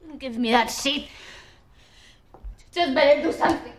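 An actress playing a desperate young wife with a Spanish accent who screams demands in a film clip. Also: female voice, high-pitched, moderate pace, reverberant, background noise, natural voice. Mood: frantic.

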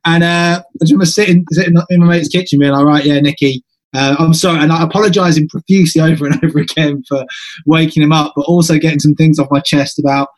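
Podcast host in his thirties, male, chatty storyteller who laughs at himself, voice sits a touch high. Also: fairly even intonation, fast talker, darkish tone. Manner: chatty, self-deprecating, laughs while telling stories. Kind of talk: casual storytelling chat.

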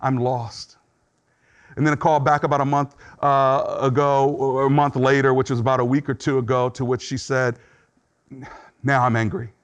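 A man's voice: mid-range voice, little pitch movement, fairly quick, few pauses, clear, resonant tone, dull audio. A middle-aged man preaching a sermon in an earnest, conversational way, acting out short quotes as he teaches. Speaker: pastor.

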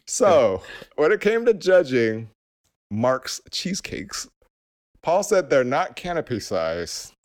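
A man's voice: on the high side, very animated, takes it slowly. A man co-hosting a podcast in casual chat, who breaks into giggles mid-sentence. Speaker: podcast co-host.

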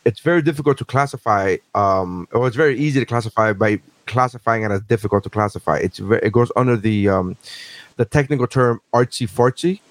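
A man in his forties holds forth on a podcast in casual chat, swearing freely and ranting with animated, mocking energy. His voice sits at an ordinary mid pitch for a man. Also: brisk, dry recording. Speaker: podcast host.

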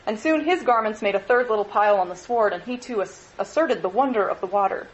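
A woman lecturer reading a novel aloud in an expressive, measured way. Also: mid-range voice, lo-fi sound.

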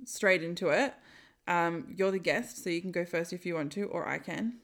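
A woman's voice: lowish voice, moderate pace, a bit bright, soft background music. A young woman hosting a podcast, chatting casually with a friend, laughing often and filling with um. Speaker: podcast host.

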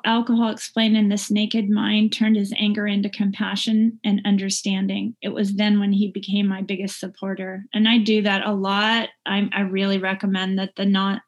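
Middle-aged woman, plain mid-pitch voice, candid halting testimony, sincere and unpolished. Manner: candid, heartfelt, halting with fillers and restarts. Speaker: recovering drinker sharing her story. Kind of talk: personal recovery testimony. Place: lives in Northern California.

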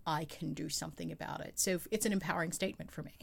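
Earnest woman, lowish voice. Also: fairly even intonation, fast talker, vocal fry. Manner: reflective, earnest. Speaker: podcast co-host. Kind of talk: casual conversation about poetry.

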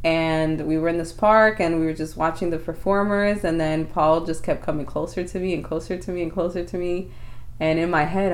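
Young woman, podcast co-host, casual storyteller, lively with quoted asides, a little low in pitch. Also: fairly quick. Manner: animated, acts out quoted thoughts.

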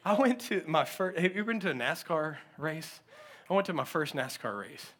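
A male pastor preaching a sermon, telling stories with lively acted-out quotes and frequent laughter. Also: fairly high pitch, normal speed. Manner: animated storytelling, acts out quotes, often laughs.

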